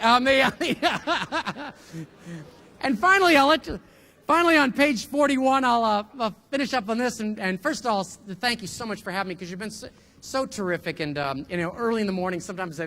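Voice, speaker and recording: A middle-aged man, a professor, giving a humorous keynote speech, an animated storyteller who jumps into loud voices for punchlines. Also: high voice, fairly quick, big-room sound.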